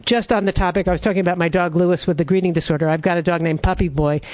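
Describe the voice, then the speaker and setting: A man's voice: high-pitched, steady tone, racing, darkish tone. A man reading his own humorous story aloud, then chatting about it in a wry, conversational way. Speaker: author.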